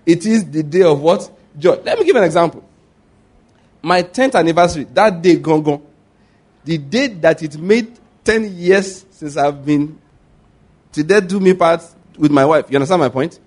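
Higher-voiced preacher, call-and-response. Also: male voice, moderate pace, slightly rough. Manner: animated storytelling with call-and-response questions; laughs often while preaching. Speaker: pastor. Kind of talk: sermon.

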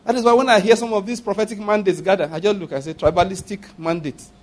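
A man's voice: sits high, fairly even intonation, quick pace. A man preaching a sermon, acting out prayers and asking the congregation rhetorical questions. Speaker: pastor.

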